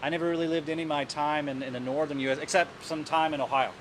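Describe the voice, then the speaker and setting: A man's voice: on the high side, fairly even intonation, fast talker, fairly bright tone. A man with a Southern US accent, a guest chatting casually about his work as a news editor, rambling and repeating words as he thinks. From southern United States. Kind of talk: casual interview chat. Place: Indian restaurant. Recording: noisy restaurant recording.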